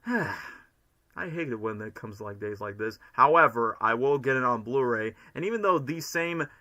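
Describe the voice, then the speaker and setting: A young man from Florida chatting casually and excitably to his livestream chat, rambling from one thought to the next. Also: medium pitch, moderate pace. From Florida, United States. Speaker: streamer.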